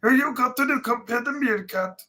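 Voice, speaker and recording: A man imitating a fussy meerkat mascot from a television ad, with a mock Russian accent and a slow, over-enunciated sales pitch. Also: sharp tone, exaggerated voice. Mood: salesy.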